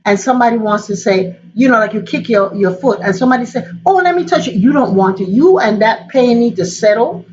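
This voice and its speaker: A woman, a spiritual teacher, telling a sacred story in a lively way and acting out the voices. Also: on the high side, a little fast, hardly any pauses. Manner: animated, acts out the quotes. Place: Florida. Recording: dull lo-fi call audio.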